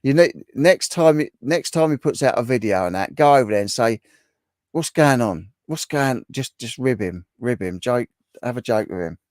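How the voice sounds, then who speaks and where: Here a man hosts a laid-back livestream, reading out viewer comments and trading repetitive banter with them. His medium-pitched voice is slightly mellow with lively intonation at a normal speed, and the recording is dry and studio-clean.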